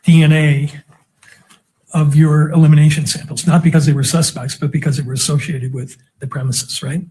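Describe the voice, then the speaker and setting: A man's voice: fairly high pitch, flat delivery, brisk, dark tone, husky. Methodical man questioning in court. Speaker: defense attorney. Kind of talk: courtroom cross-examination.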